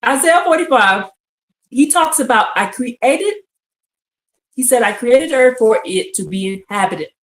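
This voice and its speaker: A woman teaching scripture on a live stream, reading verses aloud and firing questions at her listeners with excitement. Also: a little high, measured pace. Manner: animated and exclamatory, reads verses then asks the audience questions. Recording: echoey room.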